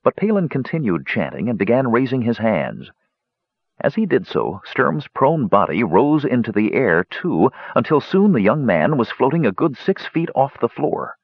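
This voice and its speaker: A man narrating a fantasy audiobook with an expressive reading. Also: mid-range voice, normal speed, slightly rough, dry recording. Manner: expressive reading with many character voices. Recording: dull lo-fi dry recording.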